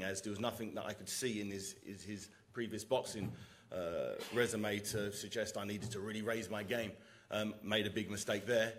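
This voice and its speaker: A man answers press questions as a boxer, his voice sitting a little on the low side. He talks earnestly and leans on repetition to stress his points. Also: fairly bright tone, slight background noise. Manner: earnest, repeats words for emphasis. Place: press conference.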